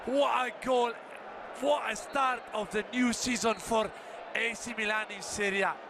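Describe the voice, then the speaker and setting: A man calling a soccer goal in excited, shouting play-by-play commentary, from a clip played on air. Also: very high-pitched, unhurried, vocal fry, crowd noise. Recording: played clip with stadium noise.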